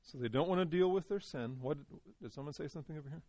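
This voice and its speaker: A man's voice: a little high, fast, darkish tone. Man leading a Bible study with questions. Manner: conversational, poses questions to the group. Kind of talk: interactive Bible teaching to a small group.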